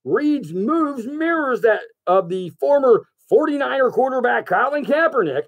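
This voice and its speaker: A man hosts a call-in sports show. His voice sits high and swings widely in pitch. He reads lists in a loose, casual way, with fillers and restarts. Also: lively intonation, unhurried, muffled recording. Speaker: sports radio host. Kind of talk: call-in sports talk radio.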